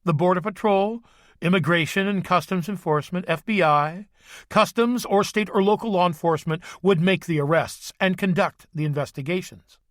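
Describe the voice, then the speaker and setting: A man's voice: sits high, moderate pace, fairly bright tone, dry recording, clean studio sound. A man reading a stern, clipped Army sergeant major. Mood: firm. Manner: clipped, firm, respectful.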